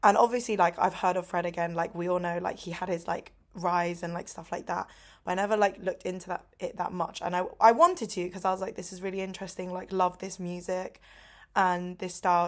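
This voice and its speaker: A young woman in casual vlog chat, rambling with lots of "like", lying in bed in pain. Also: lowish voice. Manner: rambling, heavy use of "like". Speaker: vlogger.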